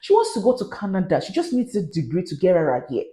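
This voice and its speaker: A woman's voice: on the low side, huge pitch swings, fast talker, dark tone. Earnest woman vlogger, roomy sound. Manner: earnest, warning, switches into pidgin. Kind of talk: advisory vlog to camera.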